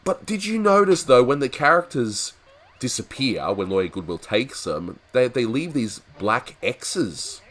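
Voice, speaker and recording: A man's voice: mid-range voice, sing-song, measured pace, fairly bright tone. A man hosting a cartoon review, chatting casually and laughing often as he talks. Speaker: host of a cartoon review show.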